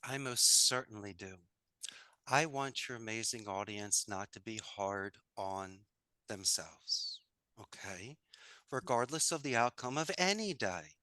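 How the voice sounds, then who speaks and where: As a guest in a casual interview, a man talks about running his business and offers motivational advice with an enthusiastic, coaching manner. His low voice is pushed and bright, with a clean tone and no room sound.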